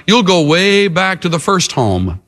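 A man preaching a sermon as a pastor, emphatic and with dramatic pauses. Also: high voice, very animated, a bit bright.

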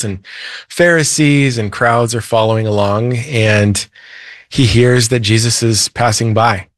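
A man's voice: lowish voice, no room sound, studio quality. A man, a Christian author and preacher, earnestly retelling a Bible story as a guest in a faith interview. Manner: earnest, retells scripture with feeling.

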